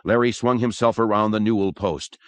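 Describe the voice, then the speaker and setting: A man narrating a horror audiobook in an expressive, dramatic manner. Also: lowish voice, fairly quick, dry recording. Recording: dry close recording.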